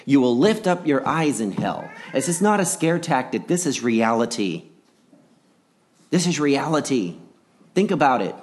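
A man's voice: mid-range voice, big pitch swings, unhurried. A man preaching a gospel sermon in an earnest voice, repeating key phrases and swinging between rising and dropping delivery.

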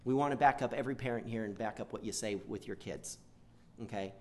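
A man's voice: lowish voice, a little mellow, slight background noise. A man preaching a sermon, often restarting and repeating words as he goes, and acting out the quoted lines in a pleading tone. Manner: halting, repeats words, acts out quoted whining.

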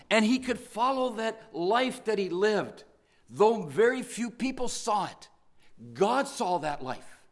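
An older man preaching a sermon in an earnest, fervent way, slowing to stress key phrases. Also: sits high, fairly bright tone.

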